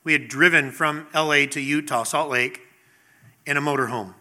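The speaker is a pastor, a middle-aged man with a slightly high, bright and forceful voice at a normal speed. His sermon is conversational, full of questions to the congregation and little acted-out scenes.

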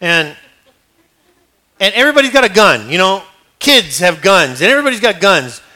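Bright-voiced joking preacher, male. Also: high-pitched, sing-song, normal speed. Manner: conversational and joking, acts out scenes. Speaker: pastor. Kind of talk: sermon.

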